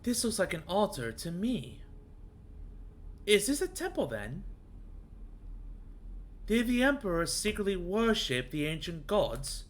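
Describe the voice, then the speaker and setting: A man's voice: high-pitched, big pitch swings, unhurried, pauses often, a little hiss or hum. A man streaming a video game, musing aloud as he reads and translates in-game text and greets viewers in chat. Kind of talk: live gaming commentary.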